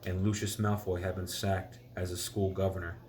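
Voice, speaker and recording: A man's voice: sits low, flat delivery, moderate pace, darkish tone, a little hiss or hum. A man reading a storybook aloud to his child, stumbling and restarting and stopping to explain hard words.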